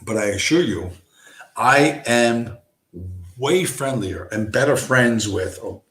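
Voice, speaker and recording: A man's voice: medium pitch, lively intonation, slow pace, a bit bright. Guy ranting on his stream, swears a lot, blunt, kinda echoey room. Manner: profane, blunt, emphatic. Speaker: livestream host. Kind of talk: ranting monologue on a chill stream. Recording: roomy echo.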